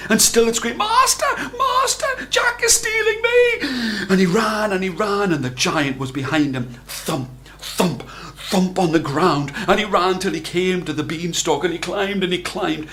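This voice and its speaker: An older man, a grandparent, reading traditional tales aloud as bedtime stories in a soft, animated way. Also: a little high. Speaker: grandparent storyteller. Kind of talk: bedtime storytelling.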